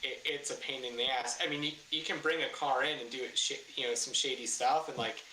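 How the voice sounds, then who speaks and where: A man's voice: medium pitch, brisk. A man telling a story as a guest in a casual podcast interview. He acts out what others said, swears freely and laughs at his own story. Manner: animated, acts out quotes loudly, swears, laughs. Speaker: guest, car builder and former racer. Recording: echoey room with faint ambient noise.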